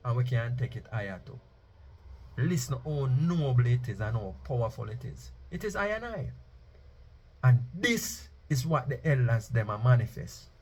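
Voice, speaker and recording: A man preaches in an emphatic monologue. His voice is husky and rough at the edges, and he sits at an ordinary middle pitch. He slows down to chant key phrases for effect. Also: warm tone. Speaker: Rastafari speaker.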